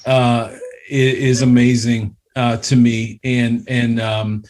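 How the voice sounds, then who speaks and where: A man hosting a podcast interview over a call, talking haltingly with many restarts and getting choked up. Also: mid-range voice, level tone, darkish tone. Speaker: podcast host. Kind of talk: emotional casual interview chat.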